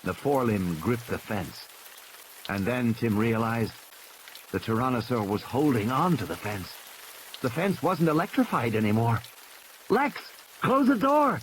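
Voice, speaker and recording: A man reading a novel aloud as an audiobook narrator, with expressive, building tension. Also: medium pitch, normal speed. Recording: rain noise in background.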